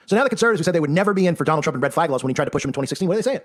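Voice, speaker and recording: Speaking quickly and with animation at a fairly high pitch, a male online commentator delivers a sarcastic, forceful monologue. He keeps punctuating his remarks with "right?" in this rapid-fire commentary.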